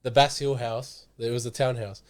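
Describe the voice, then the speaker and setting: A young man in casual chat, playful and quick to react and joke. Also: medium pitch, level tone. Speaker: podcast co-host.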